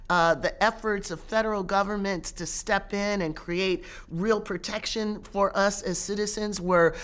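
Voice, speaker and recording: Measured professor woman, halting restarts. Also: medium pitch. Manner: measured, with frequent restarts and pauses. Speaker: guest, professor and author. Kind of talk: interview answers.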